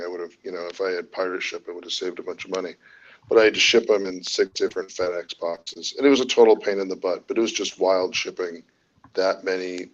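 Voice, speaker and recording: A man being interviewed as a guest reseller on a casual live stream, talking in a rambling, halting way and often correcting himself. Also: sits low, lo-fi sound.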